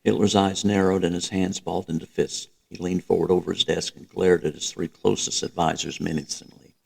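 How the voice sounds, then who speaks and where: A man narrating a novel in a measured, even reading. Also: low voice, creaky, husky. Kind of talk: audiobook reading.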